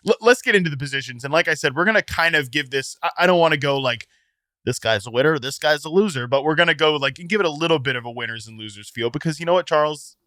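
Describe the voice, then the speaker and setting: A man co-hosting a sports podcast, talking casually in an animated, joking way. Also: on the high side, racing, hardly any pauses, no echo, studio quality. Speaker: podcast co-host.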